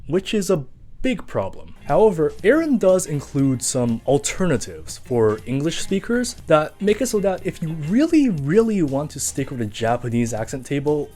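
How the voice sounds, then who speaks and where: A man's voice: fairly high pitch, very animated, normal speed, mellow, soft background music. A man reading a scripted commentary in a casual, chatty way, full of asides. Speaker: video essayist.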